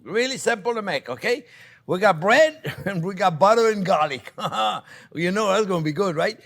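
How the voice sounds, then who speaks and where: A man's voice: high voice, expressive, moderate pace, gravelly, fairly bright tone. A French-accented man hosting a casual cooking demonstration, chatty and enthusiastic, with many fillers and restarts. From France. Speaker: cooking show host. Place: home kitchen.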